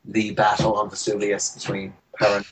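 A man's voice: on the low side, completely flat delivery, fairly quick, background noise. A man co-hosting a fan podcast in casual chat, teasing and joking with his co-hosts. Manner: jokey, teasing, puts on silly bits. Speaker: podcast co-host.

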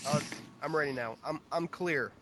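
A man's voice: a little high, moderate pace, very noisy. A man with a head cold, co-hosting a podcast in casual chat over a remote call, laughing often and apologizing. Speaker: podcast co-host.

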